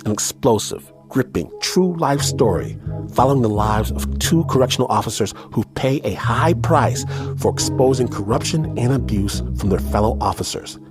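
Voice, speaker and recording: Excited man host with lively delivery. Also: medium pitch, moderate pace. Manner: excited, dramatic emphasis. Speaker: podcast host. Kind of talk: enthusiastic show introduction. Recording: music bed under voice.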